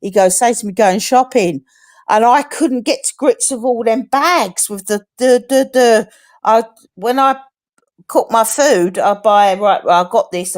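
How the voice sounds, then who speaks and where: Brief: middle-aged woman, casual live-stream chat, frank and chatty, swears freely, mid-pitched. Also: a little mellow. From England.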